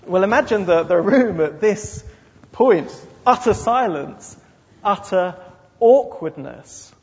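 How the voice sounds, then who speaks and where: A man's voice: high-pitched, animated, slow pace. A man preaching a sermon with dramatic storytelling and repeated phrases. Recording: dull lo-fi sound with long hall reverb.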